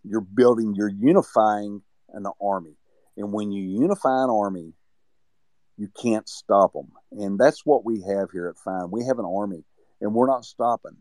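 A man's voice: on the low side, moderate pace, darkish tone, no echo. A man speaking earnestly to an online community in a rallying, motivational way. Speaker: community member. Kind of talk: motivational speech.

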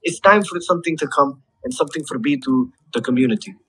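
A man's voice: on the high side, animated, fast, a bit bright, slightly rough, low-quality recording. A man with a non-native accent of English, hyping a crypto project on a livestream with pumped-up, repetitive slogans, swearing and chuckles. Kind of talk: hype livestream pitch to token holders.

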